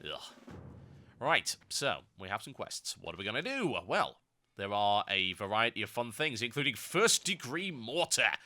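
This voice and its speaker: A man doing ranty, sarcastic gameplay commentary, his voice hoarse and slightly nasal from a cold. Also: mid-range voice, sing-song, normal speed, sharp tone, faint music behind. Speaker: game commentator.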